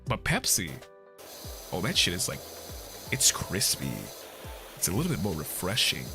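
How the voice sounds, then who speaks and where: A young man chatting casually while streaming a game, excitable and profane, laughing often and bursting into shouts. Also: low voice, moderate pace. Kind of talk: casual gameplay stream chat. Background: game music.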